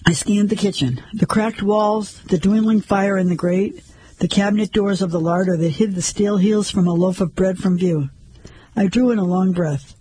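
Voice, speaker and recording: A man narrating a first-person story in a measured, steady way. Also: sits high, slightly rough, poor audio.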